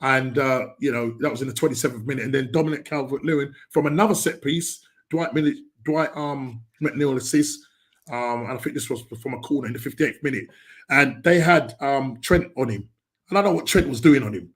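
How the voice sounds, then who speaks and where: A man hosting a football podcast, talking in a rambling, excitable way with lots of restarts. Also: mid-range voice, fairly quick. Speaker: podcast host. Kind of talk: casual football chat.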